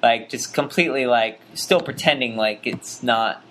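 A man chatting casually about a TV episode, rambling and animated with many restarts. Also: normal speed, slight background noise. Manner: rambling, animated, frequent restarts and pitch jumps.

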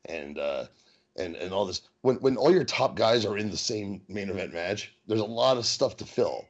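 Low-voiced male podcast co-host, rambling casual chat, dull lo-fi audio. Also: sing-song, vocal fry. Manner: rambling, halting restarts, laughs at own jokes. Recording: dull lo-fi recording.

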